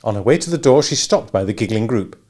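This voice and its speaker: A man's voice: fairly low pitch, animated, fast talker, darkish tone. A man narrating a novel as an audiobook, reading expressively.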